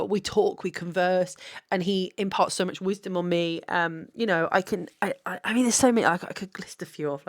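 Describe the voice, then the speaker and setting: A tired woman and photographer, talking candidly late at night, rambling with many restarts and laughs. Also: on the low side.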